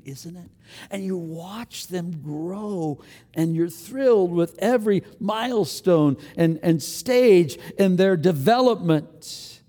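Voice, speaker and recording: An older man preaching a sermon as pastor, earnest, swinging between a loud push and a hushed near-whisper. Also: sits high, big-room sound.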